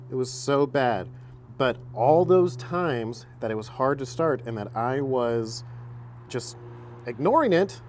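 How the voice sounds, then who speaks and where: Chatty self-mocking man, lively pitch. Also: a little hiss or hum. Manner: chatty, self-mocking, gets long-winded. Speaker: car repair vlogger. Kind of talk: casual how-to vlog.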